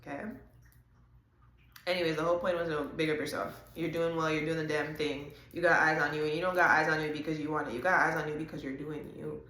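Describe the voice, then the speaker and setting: A woman hosting a casual intuitive reading, talking straight to viewers in a chatty, animated way with quick asides. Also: sits low, echoey room. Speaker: host.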